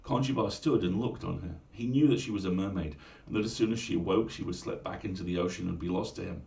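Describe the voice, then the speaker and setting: A man reading a fairy tale aloud at home in a measured, old-fashioned style for a bedtime story stream. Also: sits low, creaky, darkish tone, echoey room, distant mic.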